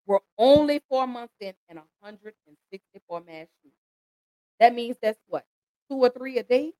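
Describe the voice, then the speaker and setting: A woman's voice: a little high, expressive, moderate pace, mellow, dry recording, poor audio. A woman hosting an emotional commentary, pleading and impassioned as she talks straight to her listeners. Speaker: host.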